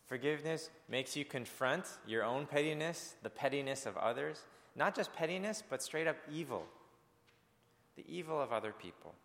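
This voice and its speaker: A man's voice: mid-range voice, lively intonation, a little fast, creaky, fairly bright tone, long reverb tail. A male pastor preaching a sermon in an earnest, conversational way, speaking directly to his congregation.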